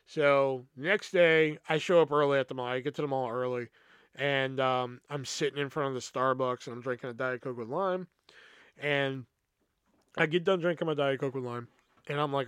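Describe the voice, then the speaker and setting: A man's voice: medium pitch, steady tone, normal speed, a bit bright, smooth, no echo, studio quality. A man hosting a podcast, telling a rambling, profane story about an old job and acting out the people in it. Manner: rambling, profane, acts out quotes. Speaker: podcast host. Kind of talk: casual storytelling.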